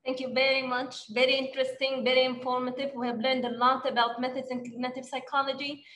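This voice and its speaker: High-voiced woman host in an echoey room. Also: flat delivery, fast, a bit bright. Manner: appreciative, effusive. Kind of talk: thanking a speaker. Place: Saudi Arabia. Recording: echoey room with faint hiss.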